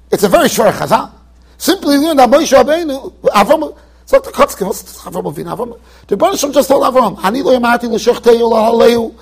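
A man's voice: very high voice, vocal fry. A man, a rabbi, giving an emphatic yeshiva Torah lecture, mixing Yiddish and Hebrew terms into his English. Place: yeshiva study hall.

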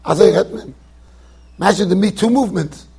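High, husky-voiced rabbi lecturing emphatically. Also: male voice, fairly quick, mellow. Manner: emphatic, asks rhetorical questions, repeats phrases, stumbles on restarts. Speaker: rabbi teaching a Torah class. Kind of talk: lecture-style Torah class. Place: yeshiva study hall.

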